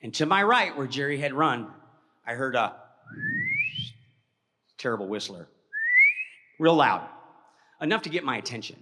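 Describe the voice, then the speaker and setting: A man's voice: medium pitch, lively intonation, a little fast, sharp tone, a little hiss or hum. A man telling a personal story live to an audience in a folksy, conversational way, often checking in with "okay?", his voice fading as he moves away from the mic. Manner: moves around while talking, voice fades as he walks off. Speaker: presenter telling an encounter story. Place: large hall with audience. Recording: echoey hall, speaker drifting off mic.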